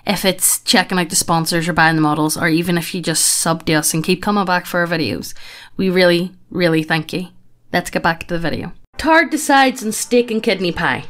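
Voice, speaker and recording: A woman's voice: fairly low pitch, level tone, fairly quick. A woman channel host casually reading a funny story aloud, swearing freely and breaking into laughter.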